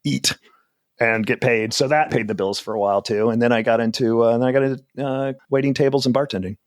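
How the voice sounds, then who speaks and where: A man's voice: mid-range voice, fairly even intonation, quick pace, no echo, studio quality. Rambling, self-mocking man in his forties. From New Jersey. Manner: rambling, self-deprecating, laughs often. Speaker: comedian guest. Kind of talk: casual interview chat.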